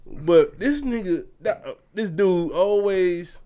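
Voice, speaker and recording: Man, high and lively voice, slangy joking co-host, quick to laugh. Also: clear, resonant tone. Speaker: podcast co-host. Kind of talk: casual banter.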